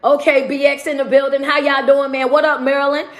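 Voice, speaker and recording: A woman motivational speaker and coach on a phone livestream, energetically shouting out viewers and then talking about friendships. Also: high-pitched, little pitch movement, brisk. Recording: echoey room.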